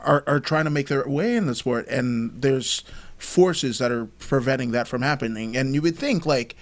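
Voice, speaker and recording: Male host, casual interview, mid-range voice, halting delivery full of restarts. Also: medium pitch.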